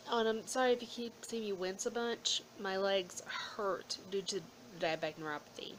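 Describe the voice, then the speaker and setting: A woman's voice: medium pitch, normal speed, slight background noise, low-quality recording. A woman talking to her channel in a casual vlog update, rambling and emotional, sometimes dropping into whispers, trying not to cry. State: holding back tears. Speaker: YouTuber.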